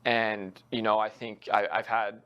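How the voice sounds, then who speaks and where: A man's voice: fairly low pitch, little pitch movement, unhurried, a bit bright, clean tone, dull audio. A young man, a college soccer head coach, giving earnest, reflective interview answers with frequent fillers.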